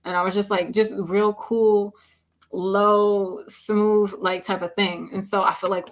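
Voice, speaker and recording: A woman's voice: medium pitch, little pitch movement, unhurried. A woman singer chatting casually on a livestream while mixing her own vocals, laughing often and saying "like" a lot. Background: faint music playback.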